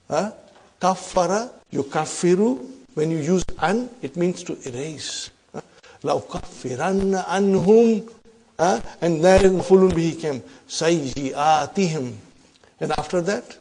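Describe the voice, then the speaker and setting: A man with a fairly high-pitched voice teaches an Arabic grammar class in English. He recites verses at speed, then breaks them down, often asking the class whether they follow. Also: expressive, brisk, a little mellow. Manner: checks in with the class, asking "huh?" and "are you with me?".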